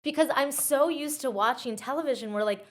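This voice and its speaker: A woman co-hosting a podcast, chatting excitably with lots of fillers. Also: sits high, fairly quick. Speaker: podcast co-host. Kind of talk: casual chat.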